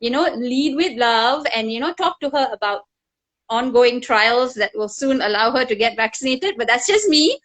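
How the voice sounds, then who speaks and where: Over a video call, a middle-aged talk show host conducts a chatty interview in a fairly high voice at normal speed. She tells stories with animation and laughs frequently.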